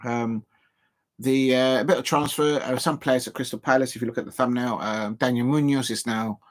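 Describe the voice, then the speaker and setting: A man hosting a casual football live stream, rambling with frequent pauses and restarts as he chats to his viewers. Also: mid-range voice, steady tone. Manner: rambling, many ums and restarts, chatty asides to viewers. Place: home, seated at a table.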